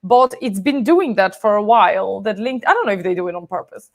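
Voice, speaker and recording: A woman's voice: mid-range voice, expressive, brisk, vocal fry. A young woman from Poland with a Polish accent, co-hosting a casual live stream, chatty and laughing often.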